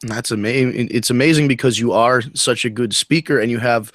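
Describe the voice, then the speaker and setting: A chatty podcast host, a man with a mid-range voice, fires off quick follow-up questions to his guest. His voice is close and dry, with no room sound. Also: mid-range voice, fairly bright tone, dry recording. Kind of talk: casual interview chat.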